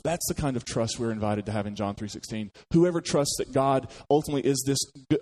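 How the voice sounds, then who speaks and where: A man's voice: mid-range voice, a little mellow. A man preaching a sermon, telling personal stories and acting out quoted voices, with frequent restarts. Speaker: pastor.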